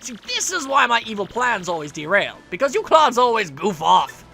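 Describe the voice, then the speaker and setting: A man voicing a loud, grumpy giant turtle king villain who blusters and shouts in a comic way. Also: sits high, very animated, moderate pace. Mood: blustering.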